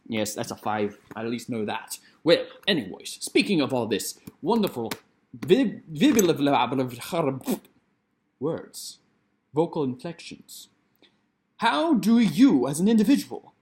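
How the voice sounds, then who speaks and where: Male vlogger at home on a computer mic, playful and theatrical, pitch leaping all over. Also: big pitch swings, measured pace, slight background noise. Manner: playful, theatrical, swings widely in pitch and loudness. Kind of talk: casual talk to camera.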